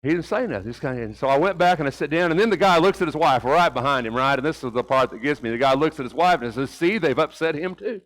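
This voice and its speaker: A man's voice: medium pitch, fast, few pauses, a bit bright, poor audio. A middle-aged man preaching a conversational sermon in a church, folksy, with rhetorical questions and a personal story. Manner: folksy, rhetorical questions, repeats words while talking. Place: church sanctuary.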